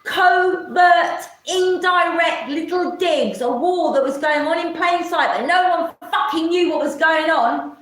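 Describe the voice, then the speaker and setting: A woman's voice: very high voice, unhurried, hardly any pauses, fairly bright tone. A woman ranting on a live stream, rambling, swearing often and mocking others in put-on voices. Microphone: camera mic. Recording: echoey room.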